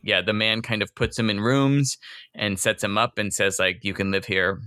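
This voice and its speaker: A man co-hosting a podcast, summarizing a book in a relaxed chat and laughing often. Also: lowish voice, moderate pace, clean tone, dry recording, studio quality. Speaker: podcast co-host. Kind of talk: casual book-recap chat.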